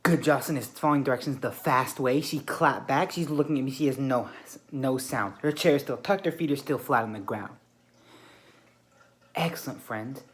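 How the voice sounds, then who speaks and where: Calm man giving classroom directions. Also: medium pitch. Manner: calm, deliberate teacher voice, narrating and praising behaviour. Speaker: teacher. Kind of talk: classroom instruction to a small group of children. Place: classroom at a U-shaped table.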